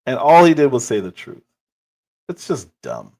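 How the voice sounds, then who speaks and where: A man's voice: mid-range voice, wildly swooping pitch, normal speed, darkish tone. A man hosting a livestream, reacting to news clips with incredulous, sarcastic commentary. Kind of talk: casual commentary.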